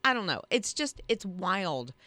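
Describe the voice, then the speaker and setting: A woman co-hosting a morning radio show, chatting in an animated, storytelling way. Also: medium pitch, unhurried, no room sound. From Ohio, moved South as an infant. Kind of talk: casual radio chat.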